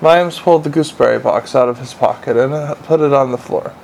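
A man reading a comic fantasy novel aloud in a dry, measured way. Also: medium pitch, vocal fry, a little mellow, slight background noise, rough recording. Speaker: audiobook narrator. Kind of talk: audiobook narration.

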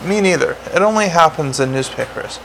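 A man's voice: fairly high pitch, animated, a little fast, vocal fry, fairly bright tone, a little hiss or hum. A man reading the part of a weary, grumpy male police commander in an audiobook, speaking bluntly. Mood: grumbling.

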